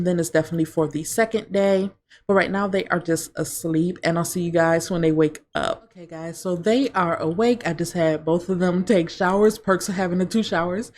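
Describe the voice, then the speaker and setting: A woman's voice: lowish voice, darkish tone. A woman giving casual gameplay commentary, chatty, retelling scenes as she plays. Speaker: gaming video creator.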